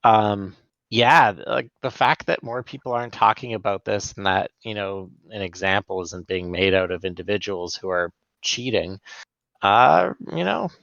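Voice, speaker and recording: A man co-hosting a gaming podcast, speaking hesitantly and in a measured way, often stopping and restarting. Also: lowish voice, vocal fry, a bit bright, no room sound, highs cut off. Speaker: podcast co-host. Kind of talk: casual podcast chat.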